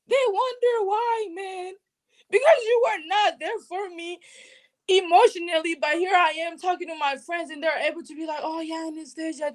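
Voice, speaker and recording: Woman, high voice, emotional, animated, slangy, from Burundi. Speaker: guest sharing personal story. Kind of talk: emotional conversational interview.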